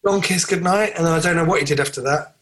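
A man's voice: on the high side, quick pace, a bit bright, rough recording. A man co-hosting a casual film podcast, rambling through trivia with many fillers and restarts. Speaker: podcast co-host.

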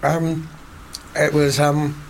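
A man's voice: fairly high pitch, completely flat delivery, vocal fry, slight background noise. A man hosting a casual podcast chat, joking and playful. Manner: joking, playful, quick asides.

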